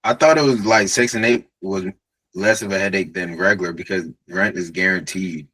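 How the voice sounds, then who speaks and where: Deep husky guy asking questions, laid back and chatty. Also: moderate pace, bright, forceful tone, poor audio. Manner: casual, laughs easily, eager and asks follow-up questions. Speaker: community member asking questions. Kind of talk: casual Q&A chat.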